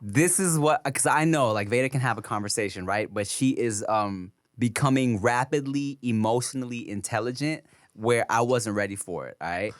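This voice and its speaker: A man's voice: medium pitch, moderate pace. A man co-hosting a podcast, telling a story in casual chat and laughing often. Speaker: podcast co-host.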